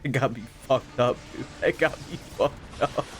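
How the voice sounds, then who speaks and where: A man's voice: medium pitch, measured pace. A man streaming a video game and commenting casually, full of crude jokes and self-mocking banter. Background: game music and gunfire.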